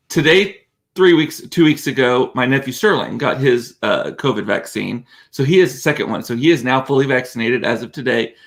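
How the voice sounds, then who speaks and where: A middle-aged male host rambles in a self-amused casual chat. His voice is medium-pitched and a bit bright, and he's in a warm room with the door closed.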